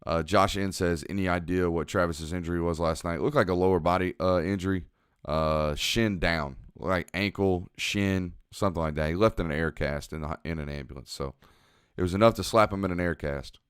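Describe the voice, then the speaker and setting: Young guy on a watch party stream, low smooth voice, dry close mic, laid back. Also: brisk, no room sound. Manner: relaxed, analytical, reads and answers chat. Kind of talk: casual live commentary with chat.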